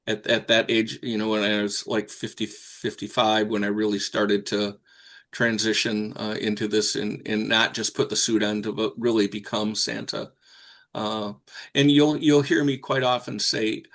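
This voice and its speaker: A man's voice: medium pitch, a bit bright. An older man, a professional Santa performer, telling stories in a folksy, rambling way. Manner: folksy, rambling with fillers and restarts. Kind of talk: anecdotal storytelling.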